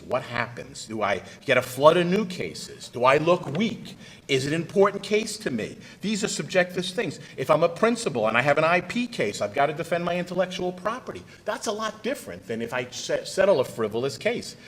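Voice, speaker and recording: A man's voice: on the high side, very animated, fairly quick, fairly bright tone, low-quality recording. A middle-aged man, a trial lawyer from the United States, giving a conference presentation in a folksy, punchy manner and talking straight to the audience.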